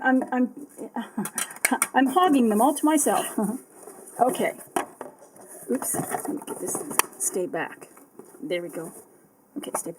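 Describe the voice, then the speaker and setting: A bubbly, excitable woman chatting casually as she unboxes art supplies, often apologizing. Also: sits high, poor audio. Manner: reads product text aloud.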